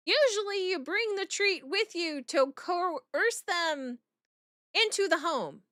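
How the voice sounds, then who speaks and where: Bright, lively, blunt woman streamer. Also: very high-pitched, slow, no echo, clean studio sound. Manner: blunt, profane and giggly. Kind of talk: live-stream game reaction chat.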